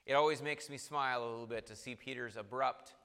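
Bright-voiced preacher in a reverberant hall. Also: male voice, mid-range voice, fairly even intonation, quick pace, gravelly, smooth. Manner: acts out quoted voices, swings between soft and emphatic. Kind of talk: sermon.

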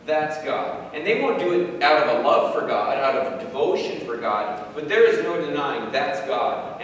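Preacher, male, informal reflective sermon, voice distant in a very reverberant hall, faint background hiss. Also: mid-range voice. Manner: thinking aloud, repeats words, rhetorical questions. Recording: very echoey hall, voice from afar, faint noise.

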